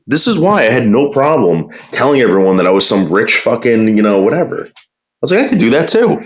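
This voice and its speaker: A man's voice: mid-range voice, very animated, fairly quick, dull audio. A man ranting crudely and bitterly in casual talk, drawling some words and muttering others. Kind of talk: profane casual rant.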